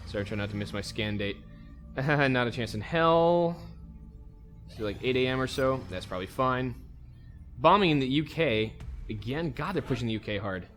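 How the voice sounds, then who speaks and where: A man's voice: medium pitch, brisk, fairly bright tone, soft background music. Easygoing man narrating his gameplay. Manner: easygoing, thinks aloud while playing. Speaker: let's play host. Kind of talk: casual gameplay commentary.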